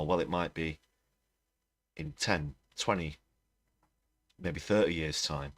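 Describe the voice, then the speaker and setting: A man's voice: sits low, a little slow, pauses often, sharp tone. Man hosting a reaction stream. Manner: wry, dry conversational commentary. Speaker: livestream host. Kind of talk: news reaction livestream.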